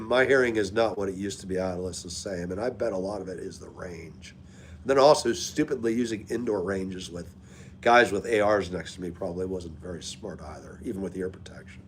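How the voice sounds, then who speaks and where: A man's voice: mid-range voice, slightly rough. A man hosting a live stream, chatting casually and greeting viewers by name as he talks. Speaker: livestream host.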